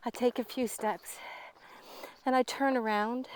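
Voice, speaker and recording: A woman recounts a personal experience at an unhurried, halting pace. Her voice sits a little high, and she often repeats and restarts her phrases in an earnest way. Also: steady tone, clear, resonant tone. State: tearful, voice breaking. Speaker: speaker sharing a personal story. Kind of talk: emotional personal storytelling.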